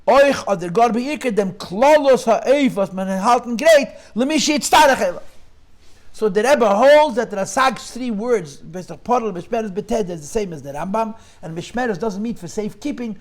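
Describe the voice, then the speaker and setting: High-voiced man teaching a Torah class. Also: lively intonation, normal speed. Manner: mixes English with Yiddish and Hebrew terms, questioning.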